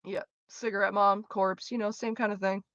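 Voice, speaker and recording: A woman's voice: medium pitch, flat delivery, moderate pace, fairly bright tone, no echo, dull audio. A woman streamer chatting casually with her viewers, profane, sarcastic and ranting. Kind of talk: casual chat.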